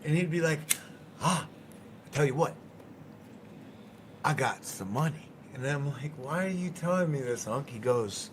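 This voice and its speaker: A man chatting casually on a livestream, telling stories with lively quoted voices. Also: medium pitch, unhurried, long pauses, slight background noise. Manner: storytelling, animated when quoting others. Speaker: streamer. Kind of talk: casual chat.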